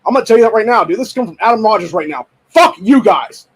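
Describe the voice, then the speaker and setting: A young man from Ohio hosting a show, ranting angrily and profanely, often shouting. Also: high-pitched, animated, fast, breathy edge, rough recording. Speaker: podcast host. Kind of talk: angry political rant.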